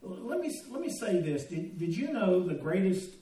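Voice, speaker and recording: A man's voice: high voice, big pitch swings, normal speed, warm tone. An older man preaching a sermon in a church, a folksy joke-teller who turns earnest. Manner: folksy, joking storyteller turning earnest. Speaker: pastor. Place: church sanctuary. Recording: roomy echo, mic at a distance.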